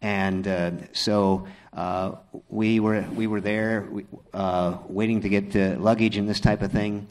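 Deep-voiced man recounting his testimony. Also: level tone, a little mellow. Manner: halting, filler-heavy, sincere. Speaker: testimony speaker. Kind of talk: personal testimony storytelling.

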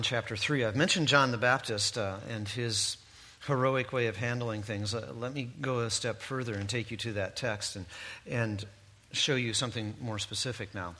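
A man's voice: medium pitch, normal speed, bright, forceful tone. A man preaching a sermon in a conversational way, breaking in with asides and tag questions. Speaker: pastor.

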